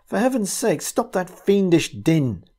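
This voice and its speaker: A man's voice: high-pitched, sing-song, a little slow, dark tone, slightly rough, voice pushed up, full character voice. Narrator guy doing scared young man, urgent and raised voice. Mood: alarmed. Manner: urgent, pleading. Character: uneasy, frightened young Englishman.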